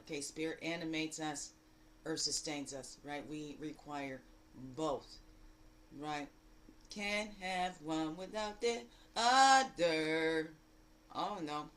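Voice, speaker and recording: A woman giving a daily spiritual card reading in a lively, exclamatory way, full of rhetorical questions and repeated phrases. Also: slight background noise, low-quality recording. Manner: animated, jumping between loud bursts and low asides. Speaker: spiritual guide.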